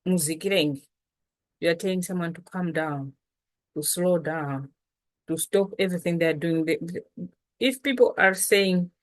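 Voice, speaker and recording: Middle-aged woman, low voice, laid-back chatty teacher. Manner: relaxed, chatty, slow after lunch. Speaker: language teacher. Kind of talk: casual language lesson.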